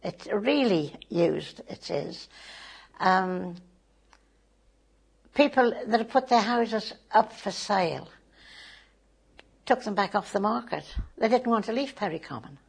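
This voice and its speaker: A woman's voice: mid-range voice, animated, slow pace, gravelly, long pauses, husky. An older woman, a community volunteer chatting in an interview with homely tag phrases. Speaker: community volunteer and board member. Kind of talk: interview, casual recollection.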